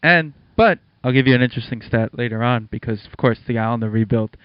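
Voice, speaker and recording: A man co-hosting a casual sports podcast, chatty and quick to laugh, running the show's plugs and segues. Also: mid-range voice, smooth, no room sound, highs cut off. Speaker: podcast co-host.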